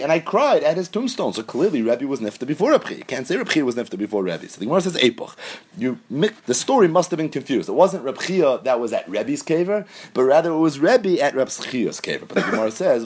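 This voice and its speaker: A man's voice: medium pitch, husky. A man teaching a Talmud lesson, reading the Aramaic text and explaining it in English with Yeshivish Hebrew terms.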